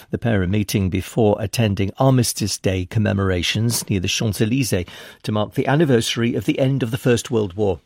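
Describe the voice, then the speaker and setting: A man reading a radio news bulletin in a measured, formal way. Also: mid-range voice, gravelly, no room sound, studio quality. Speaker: newsreader.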